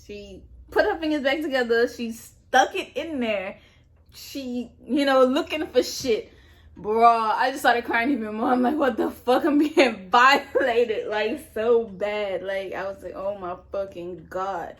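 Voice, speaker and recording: Animated, foul-mouthed woman telling a story. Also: on the high side, a little slow. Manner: animated, profane, talks straight to the viewers. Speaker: vlogger. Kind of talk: casual storytime vlog.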